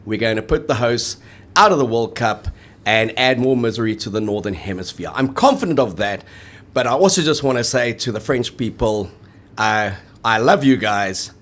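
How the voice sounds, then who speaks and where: A man co-hosting a rugby show, chatting in lively, jokey banter. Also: medium pitch, moderate pace. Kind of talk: casual sports chat.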